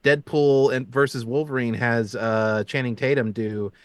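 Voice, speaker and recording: A man with a slight Southern US accent, chatting casually as a game master and telling animated stories with frequent laughs. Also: medium pitch, a little slow, clear, resonant tone, no room sound. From American South. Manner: animated storyteller, laughs often. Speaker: game master and show creator. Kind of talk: casual chat.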